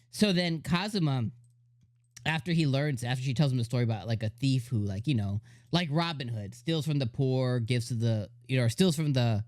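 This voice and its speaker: A man giving a casual anime episode review, excitable and laughing often, with lots of "like" fillers. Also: fairly high pitch, dry recording, clean studio sound.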